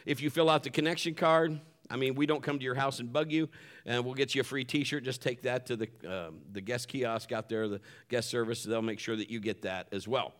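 A man's voice: mid-range voice, fairly quick. A man preaching in a church, casual and rambling, with many fillers and restarts. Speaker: pastor. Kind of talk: sermon.

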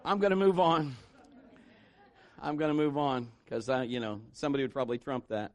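A man's voice: medium pitch, steady tone, a little fast. A man preaching a sermon in church, mixing jokes and acted-out quotes into his message. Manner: joking asides, voices quotes. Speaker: pastor.

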